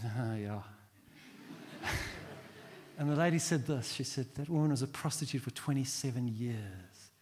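A middle-aged man preaching a sermon as pastor, animated and acting out quoted prayers. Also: mid-range voice. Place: large church hall. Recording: long hall reverb.

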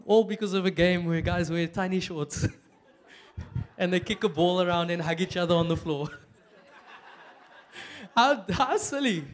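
A young South African man preaching a casual, humorous sermon in church, chatty and animated, with lots of "like" and bursts of laughter. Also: high voice.

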